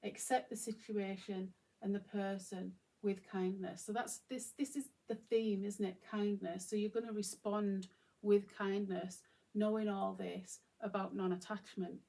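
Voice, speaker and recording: A woman talks through her thoughts in an easy, informal way, often pausing and restarting her sentences. Her mid-pitched voice carries a noticeable gravelly fry. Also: level tone, dark tone. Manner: musing, informal, many fillers and restarts. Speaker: channel host. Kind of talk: reflective solo talk to camera.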